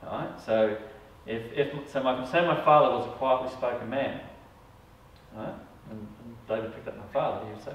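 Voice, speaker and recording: A man's voice: mid-range voice, moderate pace, dull audio, a little hiss or hum. Man teaching in an echoey room from afar. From Australia. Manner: conversational, keeps asking "all right?". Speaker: psychic medium teaching a group. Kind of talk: casual talk to a small group. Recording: echoey room, mic far off.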